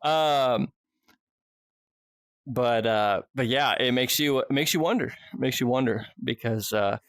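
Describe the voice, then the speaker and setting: A man's voice: medium pitch, a little slow, no echo. A man telling a long story in a casual podcast chat, rambling and swearing heavily as he goes. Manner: rambling, heavy swearing, frequent restarts. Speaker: podcast guest or host.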